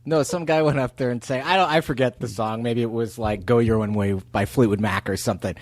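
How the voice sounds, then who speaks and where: A man's voice: mid-range voice, a little fast, no room sound. A man appearing as a guest on a comedy podcast, telling anecdotes and sometimes slipping into other people's voices. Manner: storytelling, slips into voices of others. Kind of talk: casual comedic chat.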